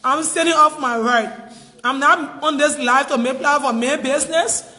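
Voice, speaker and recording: High, piercing crying Liberian woman. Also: moderate pace, sharp tone, in a large hall. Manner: pleading, insistent, repetitive. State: crying, distressed. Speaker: livestreamer. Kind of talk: emotional livestream plea. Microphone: phone.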